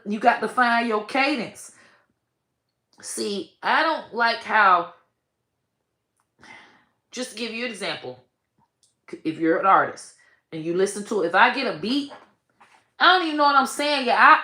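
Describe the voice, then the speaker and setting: Woman, profane rant, slightly high voice, echoey room. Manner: blunt, profane, animated, trails off and restarts. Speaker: online comedian and commentator. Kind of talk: casual profane rant to camera.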